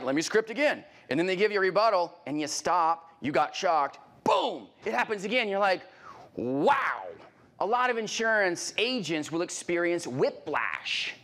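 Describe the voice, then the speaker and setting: A middle-aged man leads a live sales training with a somewhat high voice. He talks in punchy, repeated phrases and throws rhetorical questions at the room. He bursts into loud exclamations when he acts out little scenes.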